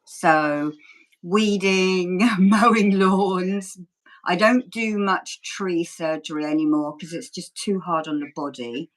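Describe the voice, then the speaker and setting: A woman's voice: on the low side, takes it slowly. A woman, chatting as a guest over a video call, laughing often and poking fun at herself. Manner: laughs often, self-deprecating, rambling. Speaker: guest, ASMR creator and Reiki healer. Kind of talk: relaxed interview chat.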